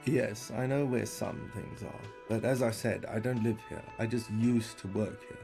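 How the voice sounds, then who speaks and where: A man's voice: fairly low pitch, fairly even intonation, normal speed, creaky. An actor playing a curt, defensive middle-aged male cafeteria manager in a video game, heard with faint game music.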